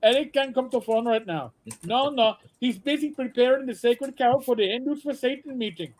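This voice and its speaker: A man's voice: very high voice, unhurried, darkish tone. A man putting on a brusque voice for a joke answering-machine message, clipped and dismissive.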